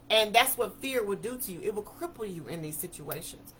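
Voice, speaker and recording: A woman tells her story in a bright, forceful voice. She talks in an animated way, acting out each quote as she speaks. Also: medium pitch, fairly quick, few pauses, a little hiss or hum. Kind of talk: personal testimony talk.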